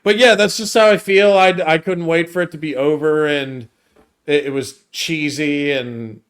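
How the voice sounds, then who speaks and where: A man co-hosting a casual movie review podcast who hesitates, repeats his words and lets his voice trail off quietly. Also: fairly high pitch, fairly even intonation, moderate pace. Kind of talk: casual chat.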